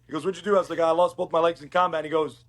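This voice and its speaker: Guesting on a podcast for a relaxed storytelling interview, a middle-aged Uruguayan man talks fast in a high voice. He's a lively, animated storyteller who performs the dialogue he quotes.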